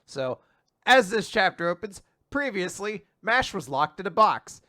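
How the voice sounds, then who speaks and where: A man's voice: high-pitched, sing-song, measured pace, sharp tone, no room sound, clean studio sound. A young man hosting a casual manga recap podcast, chatty with laughing asides. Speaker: podcast host.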